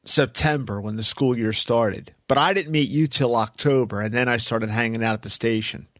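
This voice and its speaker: A man's voice: medium pitch, moderate pace, no room sound, clean studio sound. A man in his fifties co-hosting a podcast, telling stories in a casual chat and acting out the people he quotes. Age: 50s. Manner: animated storyteller, acts out quoted voices. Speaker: podcast co-host.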